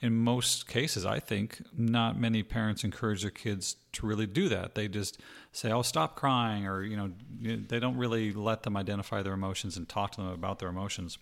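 A middle-aged man with a lowish, gravelly voice co-hosts a casual podcast. He talks reflectively and thinks out loud, with plenty of fillers. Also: fairly even intonation, moderate pace. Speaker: podcast co-host.

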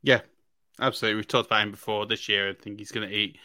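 An excitable man breaking down draft picks on a podcast. His voice is bright and forward, and the sound is dry and close. He talks emphatically and leaps up in pitch when he gets worked up. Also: fast talker, dry recording. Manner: emphatic, excitable, frequent restarts and laughs. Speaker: fantasy football podcast co-host. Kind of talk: casual sports analysis chat.

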